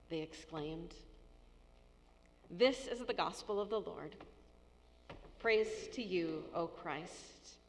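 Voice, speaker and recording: A woman pastor giving a sermon in a church, speaking slowly and deliberately. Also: fairly low pitch. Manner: slow, deliberate preaching with acted-out tones. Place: church sanctuary. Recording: long church reverb.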